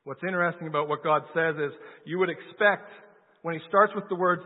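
Preaching a little fast in a steady, fairly high-pitched voice, a man tells a Bible story conversationally and asks his listeners questions. The audio is lo-fi and phone-like, with long hall reverb.

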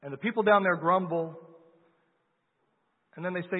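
Through lo-fi, phone-like audio drenched in long hall reverb, a high-pitched, husky male voice delivers a sermon at normal speed. He recounts a Bible story in a conversational way and puts questions to his listeners.

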